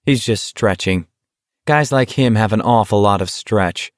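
A man's voice: lowish voice, measured pace, no echo, lightly acted. A man voicing a wry, needling teenage boy who talks between pants. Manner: dry, needling, panting.

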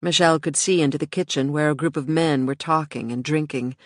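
A narrator reading an audiobook in a steady, measured way. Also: medium pitch, dry recording, studio quality.

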